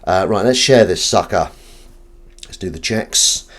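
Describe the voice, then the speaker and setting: A man hosting a casual live stream, joking with his chat and swinging between loud greetings and mumbled asides. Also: low voice, a little slow. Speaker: livestream host.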